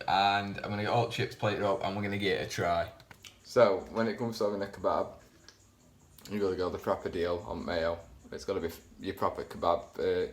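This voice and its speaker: A man chatting casually as he cooks in his home kitchen, rambling and poking fun at himself. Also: on the low side. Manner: chatty, rambling, self-deprecating. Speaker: home cooking vlogger. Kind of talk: casual cooking commentary.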